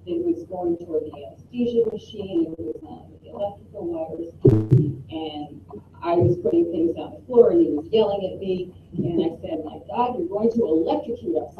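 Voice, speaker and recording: A woman's voice: high voice, very animated, normal speed, gravelly. Woman giving a distant, echoey eulogy. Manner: fond and conversational, with frequent ums. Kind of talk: memorial eulogy with anecdotes. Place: memorial service hall. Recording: distant, echoey, tinny lo-fi with faint hiss.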